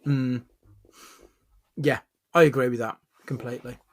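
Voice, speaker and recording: A man's voice: medium pitch, unhurried. A man talks films in an easygoing podcast chat, steering each rating category in turn. His voice sits in a middle register. The sound is dry and close, with no room echo. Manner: relaxed, leads the rating categories. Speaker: podcast co-host. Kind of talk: casual film review chat.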